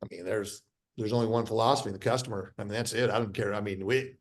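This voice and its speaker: A middle-aged man who founded a company speaks fast in a lowish, steady voice during a casual interview. He's emphatic and direct, circling back to his points and restarting sentences, and he dramatizes quoted dialogue in his stories.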